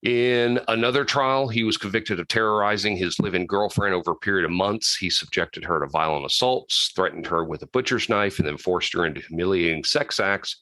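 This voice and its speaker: A man's voice: low voice, fairly quick, hardly any pauses, sharp tone, no room sound, low-quality recording. A man co-hosting a podcast, casually recapping a true-crime case from notes, with frequent restarts and side comments. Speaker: podcast co-host.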